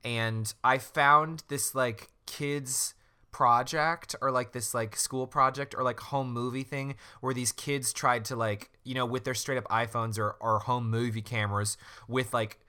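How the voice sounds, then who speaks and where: A man's voice: mid-range voice, steady tone, measured pace, bright, forceful tone, clear, resonant tone. A man co-hosting a casual podcast chat, enthusiastic and gushing, with many fillers. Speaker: podcast co-host.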